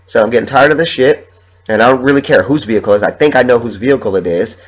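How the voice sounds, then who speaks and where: In a rough recording, a man speaks fast at medium pitch while hosting his podcast despite being ill. His casual, ranting monologue is packed with heated, profane stories, interrupted by coughs from his sore chest.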